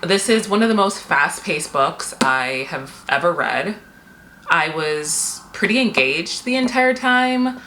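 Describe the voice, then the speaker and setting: A woman's voice: on the low side, lively intonation, slow pace, bright, forceful tone. A woman in her thirties from Seattle, chatting candidly in a casual vlog, recorded on the camera mic in a room at home. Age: 30s. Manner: chatty, candid, swears and laughs easily. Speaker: vlogger. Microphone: camera mic, external mic not used. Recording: echoey room with faint noise.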